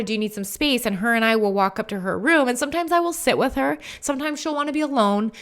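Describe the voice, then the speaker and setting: A woman's voice: a little high, fairly bright tone. A woman in her thirties hosting a solo podcast, talking earnestly and encouragingly, with frequent "like" and "right?". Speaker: podcast host.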